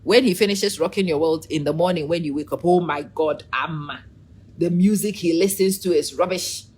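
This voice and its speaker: A middle-aged woman giving a casual, animated opinion monologue, preachy and teasing, calling out to viewers by name. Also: lowish voice, moderate pace, husky. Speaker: vlogger.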